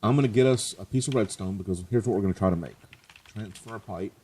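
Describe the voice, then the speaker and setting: A man hosts a let's play, chatting casually as he plays and cracking self-mocking jokes. His voice is fairly low, fast, and mellow, with a slightly rough edge.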